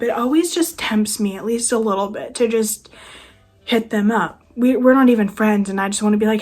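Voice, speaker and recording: A woman's voice: a little high, fairly quick, darkish tone, faint music behind. A nineteen-year-old woman ranting casually to camera, sarcastic and exasperated. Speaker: vlogger. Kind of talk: casual rant.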